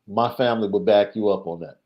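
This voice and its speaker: A man co-hosting a casual sports talk show, measured, repeating his points for emphasis. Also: fairly low pitch, lo-fi sound. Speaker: podcast co-host, recruiting analyst.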